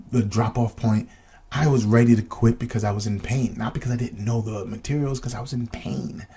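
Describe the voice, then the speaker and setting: A man's voice: mid-range voice, mellow, slightly rough. A man hosting a podcast, telling a personal story in a casual, rambling way and putting reflective questions to his listeners. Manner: casual, rambling, with many restarts and fillers. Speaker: podcast host.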